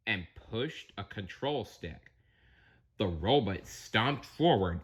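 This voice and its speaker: A man's voice: lowish voice, animated, takes it slowly, husky, dull audio. A man reading a storybook aloud, dropping in chatty asides to the listener. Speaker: narrator.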